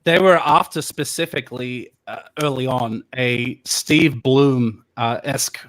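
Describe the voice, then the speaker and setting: A man voice actor telling his story in a relaxed, rambling way over a video call, with many pauses and fillers. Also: mid-range voice. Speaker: voice actor on a panel. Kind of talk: casual storytelling chat.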